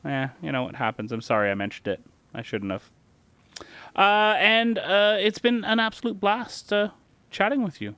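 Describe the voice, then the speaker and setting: Man, from canada, upbeat podcast host, fairly high voice, dry close mic, faint music behind. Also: animated, moderate pace, pushed and bright, clear, resonant tone, no room sound. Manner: upbeat, thankful. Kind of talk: casual podcast sign-off.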